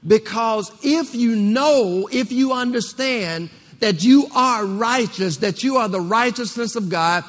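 A man's voice: very high-pitched, takes it slowly, hardly any pauses, a bit bright. A man preaching a rousing sermon to a congregation, repeating phrases and calling for responses. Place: church. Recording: long reverb of a church hall.

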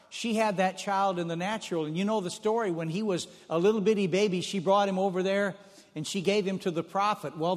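A man's voice: high-pitched, in a large hall. A man preaching a sermon, retelling stories in a folksy way and repeating phrases for emphasis.

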